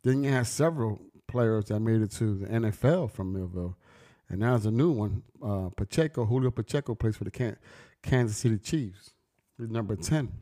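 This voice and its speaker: A man's voice: fairly low pitch, normal speed, mellow. A middle-aged man vlogging in casual, slangy street talk, telling stories emphatically and preaching to his listeners. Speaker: vlogger and brand owner.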